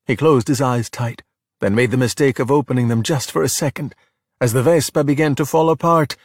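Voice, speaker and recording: A man narrating a children's storybook in an expressive, animated way. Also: mid-range voice, fairly quick, no echo, clean studio sound. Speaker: audiobook narrator. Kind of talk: storybook reading.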